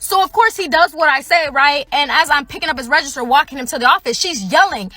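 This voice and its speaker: A woman tells a workplace story in a blunt, sassy way, racing along in a high, bright voice. The sound is dry and close, with no room around it. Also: fast talker, no echo, soft background music. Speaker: store worker telling a story. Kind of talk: casual storytime video.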